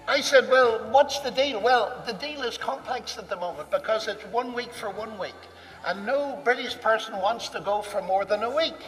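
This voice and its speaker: High-voiced man telling a story in a hall. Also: moderate pace, soft background music. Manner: animated, acts out dialogue. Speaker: speaker recounting a personal story. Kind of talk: anecdotal storytelling talk. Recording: distant mic in a reverberant hall.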